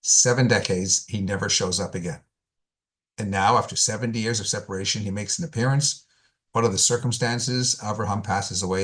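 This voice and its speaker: A male rabbi delivering a sermon, telling stories with emphatic repetition and deliberate pauses. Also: on the low side, fairly bright tone.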